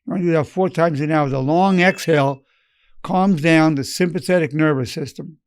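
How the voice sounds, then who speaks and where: A man's voice: on the high side, no room sound. Older man, earnest advice in a dry room. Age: 80s. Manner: earnest, measured, acts out loving phrases softly. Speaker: psychologist giving a lesson. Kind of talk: unscripted advice talk.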